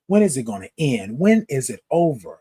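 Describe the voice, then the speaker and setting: A man's voice: mid-range voice, very animated, normal speed, warm tone, husky. A man hosting a motivational livestream, talking straight to his viewers with repetitive, emphatic affirmations. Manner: talks directly to viewers. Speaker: host.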